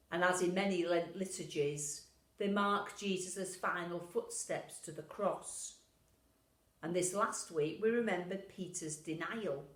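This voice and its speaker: A woman minister reading a pastoral letter in a gentle, reflective way. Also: on the low side, echoey room, low-quality recording. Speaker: Methodist minister. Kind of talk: pastoral letter read aloud.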